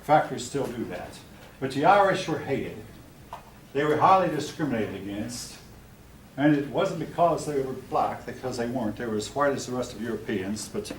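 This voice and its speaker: A man's voice: medium pitch, lively intonation, moderate pace, recorded from a distance. Older male history teacher, blunt and opinionated, recorded from across a roomy classroom with faint hum. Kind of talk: classroom lecture.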